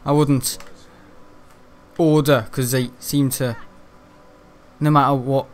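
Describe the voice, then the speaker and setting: A man's voice: mid-range voice, flat delivery, takes it slowly, slight background noise. A man chatting casually on a gaming livestream, rambling and grumbling between frequent laughs. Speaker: gaming live streamer. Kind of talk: casual livestream chat while playing.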